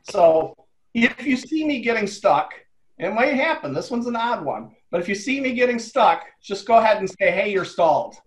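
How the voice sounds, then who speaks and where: A man's voice: extremely high pitch, animated, normal speed, rough recording. A man, an author, explaining and dictating a story live to an audience, speaking his punctuation aloud.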